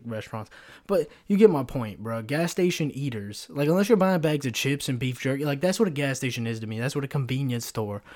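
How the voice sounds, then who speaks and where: A man's voice: medium pitch, darkish tone. A young man hosting a solo podcast, rambling through a story with constant swearing and fillers, close on a pop-filter mic. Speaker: podcast host. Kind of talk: casual solo podcast rant.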